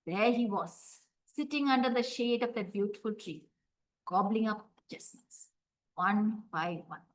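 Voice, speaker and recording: A woman from India, telling a folktale expressively with drawn-out words and dramatic pauses. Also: medium pitch, rough recording. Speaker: storyteller. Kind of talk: folktale storytelling.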